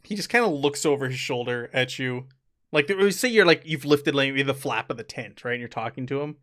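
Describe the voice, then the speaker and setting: A man's voice: mid-range voice, brisk, a bit bright. A young man narrating a tabletop game as game master, laughing often as he describes scenes.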